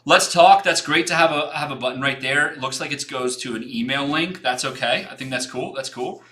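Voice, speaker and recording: A man's voice: mid-range voice, fairly quick, bright, forceful tone. A young man hosting a design livestream, giving frank, rambling portfolio feedback with many restarts and some casual swearing.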